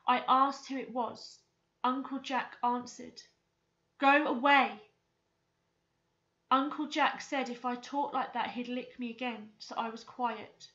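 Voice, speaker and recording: A woman teacher reading a novel aloud with clear, expressive storytelling. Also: on the high side, a little slow, highs cut off. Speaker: English teacher.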